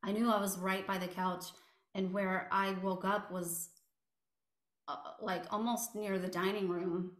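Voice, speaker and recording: A woman recounting a painful personal story as an interview guest, halting and full of fillers and restarts. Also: mid-range voice, little pitch movement. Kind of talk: personal testimony. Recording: echoey room.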